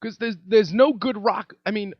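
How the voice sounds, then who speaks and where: On his comedy podcast, a man with a high-pitched voice delivers a sarcastic rant at normal speed, circling back to repeat his points. The recording is dry and dull-sounding lo-fi, without echo.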